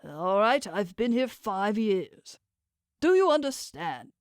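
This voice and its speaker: A woman voicing a gruff, corrupt male port officer in an audiobook, talking in a bossy, dismissive way. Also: mid-range voice, big pitch swings, slow pace, no room sound, clean studio sound.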